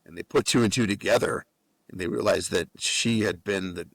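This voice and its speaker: A man from New Mexico, a guest author and musician, telling an animated story on a podcast with a lot of swearing. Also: sits low, moderate pace, vocal fry, no echo. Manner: animated storyteller with frequent profanity. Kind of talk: casual storytelling.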